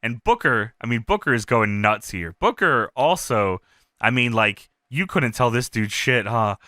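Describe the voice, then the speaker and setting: A man's voice: medium pitch, expressive, measured pace, bright, forceful tone, dry recording, clean studio sound. A man co-hosting a podcast, chatting casually and profanely, laughing and acting out quoted lines. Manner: profane, laughing, reads out wrestling dialogue in put-on voices. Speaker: podcast co-host. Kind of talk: casual recap chat.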